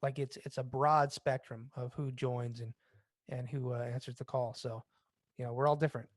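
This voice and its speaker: A man's voice: medium pitch, fairly even intonation, no room sound. Rambling veteran man co-hosting a podcast. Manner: rambling, halting restarts, mild cursing. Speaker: podcast co-host and military veteran. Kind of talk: casual podcast chat.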